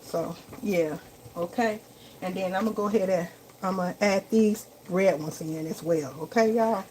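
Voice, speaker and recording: A woman's voice: mid-range voice, moderate pace, low-quality recording. A woman hosting a casual live cooking vlog in her home kitchen, chatting to viewers and calling them y'all and baby. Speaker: home cook and vlogger. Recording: kitchen recording with loud sizzling noise. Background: frying and sizzling in the pan.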